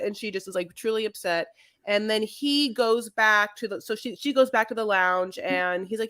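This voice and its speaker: A woman's voice: medium pitch, normal speed, fairly bright tone, no room sound. Rambling woman co-host. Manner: rambling, hesitant recap with many fillers. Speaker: podcast co-host. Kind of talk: casual chat.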